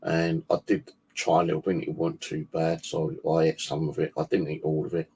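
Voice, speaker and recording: A man's voice: a bass voice, level tone, moderate pace, a little mellow, slight background noise. A man casually rambling on a livestream, swearing freely and chatting loosely as the channel host.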